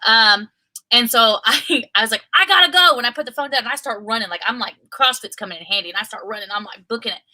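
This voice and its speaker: A woman co-hosting a casual livestream, telling a story with lively, excited outbursts. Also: a little high, fast talker, poor audio. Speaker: co-host of a reselling livestream.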